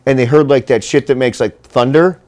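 A man's voice: medium pitch, brisk, a little mellow. A man in casual chat, telling a long, rambling, profane story full of "like" fillers.

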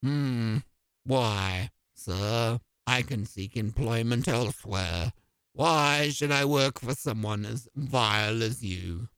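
A man's voice: mid-range voice, slow, a bit bright, smooth, no echo, pitched below the performer's own voice. A man voicing a stiff, haughty male butler who speaks in a formal, disdainful way.

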